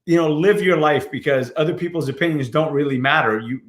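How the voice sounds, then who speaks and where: A man's voice: fairly high pitch, fairly quick, reverberant. A man hosting a casual livestream interview, speaking in an upbeat, motivational way and often repeating words. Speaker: podcast host.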